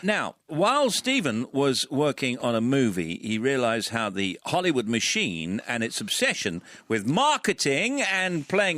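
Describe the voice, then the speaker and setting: A man hosting a radio interview, briskly prompting his guest and finishing the guest's sentences. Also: medium pitch, bright, forceful tone. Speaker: radio host.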